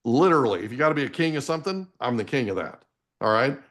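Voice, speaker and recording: This is a man in his forties speaking as a guest in a live interview. His voice sits at an ordinary middle pitch, and he delivers parenting advice emphatically and insistently, turning often to the audience with a quick "okay?". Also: lively intonation, fairly bright tone. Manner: emphatic, preachy, addresses listeners directly with repeated "okay?".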